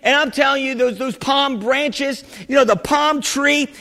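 A man preaching in a very high voice, fervent and often breaking into shouts, stumbling over restarts as he builds. His words ring out with a long reverb, as in a church hall. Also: a little slow. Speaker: pastor. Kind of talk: sermon.

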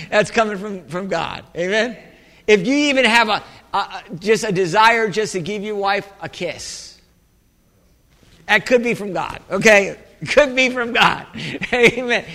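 High, bright-voiced preacher man in a reverberant hall. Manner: call-and-response preaching, asking for amens; conversational, with repeated restarts. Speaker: pastor. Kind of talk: sermon. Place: church sanctuary. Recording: echoey hall with long reverb.

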